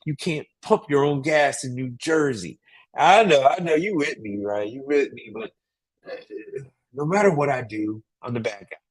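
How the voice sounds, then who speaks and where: A man's voice: medium pitch, lively intonation, moderate pace. A man hosting a casual livestream, giving emphatic business advice with a lot of repetition and frequent "right?" checks.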